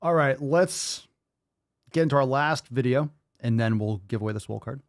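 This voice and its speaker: A man's voice: medium pitch, moderate pace, no room sound, clean studio sound. A man in his thirties hosting a podcast, ranting casually in an exasperated, profane way and repeating himself. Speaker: podcast host.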